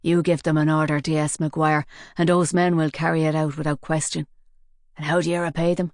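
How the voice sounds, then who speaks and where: A woman voicing a menacing male gunman with a hoarse, gravelly voice. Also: sits low, level tone, fairly quick, dry recording, clean studio sound.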